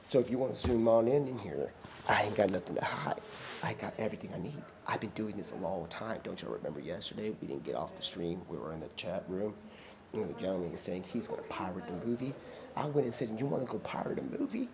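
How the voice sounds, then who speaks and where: A man's voice: sits low, lively intonation, fast talker, a crowd in the background. A man hosting a live stream, rambling through a long story and acting out the characters he quotes. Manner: rambling, acts out quoted characters in shifting voices. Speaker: livestream host.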